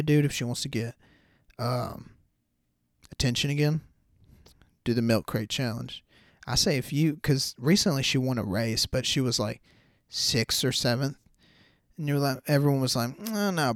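A man's voice: mid-range voice, no echo, clean studio sound. A man hosting a casual solo podcast, talking loosely in slang and calling listeners bro. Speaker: podcast host.

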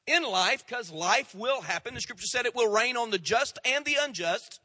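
A man preaching a sermon as pastor, folksy and emphatic, slowing down to stress the words he quotes. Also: very high voice, animated, bright, forceful tone, dry recording, in a large hall.

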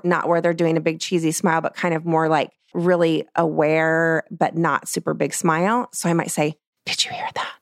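A middle-aged woman, a portrait photographer, explaining her craft in a casual, animated way and acting out what she says to clients. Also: on the low side, no echo, studio quality. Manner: lively, acts out what she tells clients. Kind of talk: casual teaching talk.

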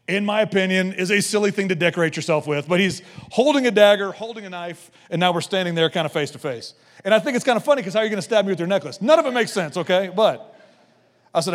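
A middle-aged man preaching a sermon as a pastor, telling stories and swinging from loud punchy lines to low quiet ones. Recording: long hall reverb.

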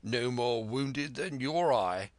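A man voicing a brisk, stern country doctor who speaks brusquely and in command. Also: mid-range voice, expressive, no echo.

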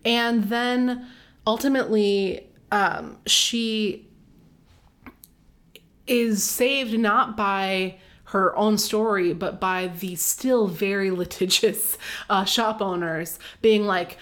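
A woman's voice: mid-range voice, fairly even intonation, slow, a bit bright. Chatty woman hosting a book podcast. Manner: chatty, laughs often, reads passages aloud. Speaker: podcast host. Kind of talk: casual book recap chat.

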